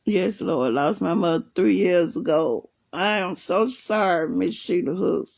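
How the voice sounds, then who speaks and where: A woman hosting a casual livestream from home, chatting and reading viewer comments while telling a story in a lively way. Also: fairly low pitch, unhurried, gravelly, lo-fi sound. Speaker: livestream host. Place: at home, resting with leg elevated.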